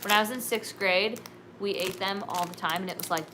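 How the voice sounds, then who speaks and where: A woman's voice: medium pitch, fairly quick, background noise. A woman from California hosting a casual solo livestream, bubbly and giggly, saying "like" and "dude" a lot. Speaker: livestream host.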